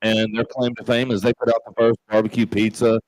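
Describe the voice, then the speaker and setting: A man from Memphis with a Southern accent, a pub owner and show host, rambling through stories with plenty of pauses and fillers. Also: fairly low pitch, little pitch movement, darkish tone, dry recording, poor audio. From Memphis, Tennessee. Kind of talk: casual chat.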